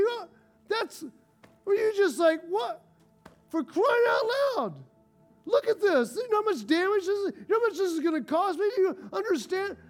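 A pastor acting out a man whose truck was dented, first ranting fast and high, then calm and gentle. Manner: ranting fast and high when angry, gentle and low when forgiving.

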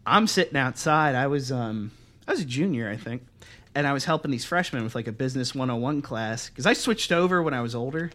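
A man's voice: medium pitch, fairly quick. Young man telling profane stories. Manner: profane, animated, acts out quotes in other voices. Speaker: podcast host. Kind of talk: casual storytelling chat.

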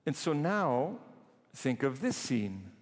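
A man's voice: mid-range voice, very animated. Man preaching in a reverberant hall. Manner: emphatic, shifts between slow and quick phrasing. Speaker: priest preaching. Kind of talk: sermon.

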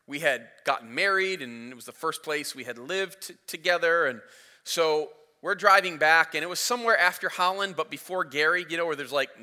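A man in his thirties preaching a sermon as a pastor, telling a story in an animated way, his voice rising as it builds. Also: fairly high pitch. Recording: reverberant hall.

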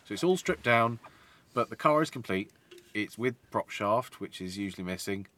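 Male podcast co-host, low voice, eager and chatty, quick to laugh. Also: animated, fairly bright tone, a little hiss or hum. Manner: enthusiastic, laughs often, rambling car talk. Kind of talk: casual chat.

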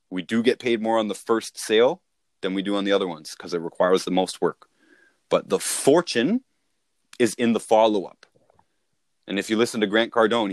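A man's voice: lowish voice, dry recording, clean studio sound. A man talking casually as a sales coach, repeating and restarting himself as he explains.

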